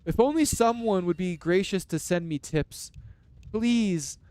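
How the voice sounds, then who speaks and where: A man voicing a fawning young male stream viewer, speaking in a mock-sincere, gushing way and pitched well above his own voice. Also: unhurried, a little mellow, smooth. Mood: pleading.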